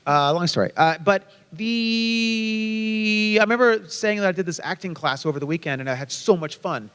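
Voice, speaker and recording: A man's voice: sits high, lively intonation, moderate pace, fairly bright tone, smooth. A playful man talking on a convention stage in a slightly raised voice. His words ring out with a long reverb from a large hall. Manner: joking, playful asides. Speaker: convention panel guest. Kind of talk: casual panel Q&A.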